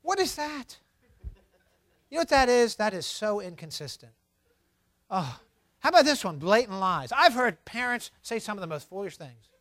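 A middle-aged man giving a humorous sermon on parenting, animated and acting out scolding parents for laughs. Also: sits high, normal speed, pauses often, no room sound.

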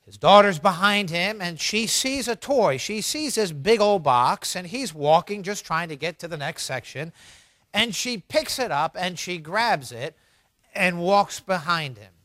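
Man, pastor, sermon, measured storytelling, slow pace, dry close sound. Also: high voice, expressive, a bit bright, no room sound.

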